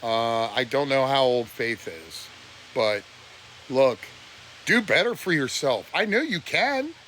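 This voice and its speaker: A man's voice: medium pitch, very animated, slow pace, fairly bright tone, slight background noise. A man ranting on a live stream, preachy and blunt, his voice close to breaking with emotion. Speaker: livestreamer.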